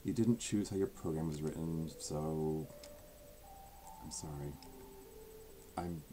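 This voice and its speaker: A man voicing a proud, sharp-tongued teen girl from a visual novel, earnest and sarcastic by turns, often dropping to a whisper. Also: extremely low pitch, takes it slowly, a little hiss or hum, pitched below the performer's own voice. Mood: resentful. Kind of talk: fan voice acting of a visual novel.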